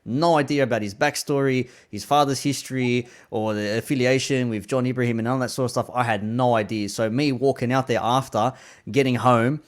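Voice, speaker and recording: A man's voice: medium pitch, steady tone, a little fast. An Australian man in his thirties hosting a podcast, asking questions and sharing memories in a loose, laid-back way. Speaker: podcast host. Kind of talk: casual interview chat.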